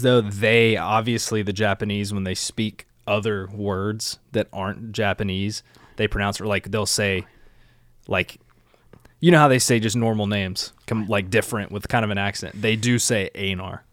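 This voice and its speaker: A man's voice: fairly low pitch, fairly even intonation, normal speed, no room sound, clean studio sound. A man co-hosting a podcast, recapping an episode in a laid-back, insistent casual chat. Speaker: podcast co-host.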